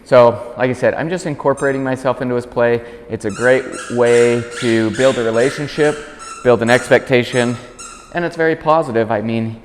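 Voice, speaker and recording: A man working as a dog trainer, explaining commands in a calm instructional demonstration. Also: big-room sound, slight background noise. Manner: calm explaining, high-pitched praise to the dog.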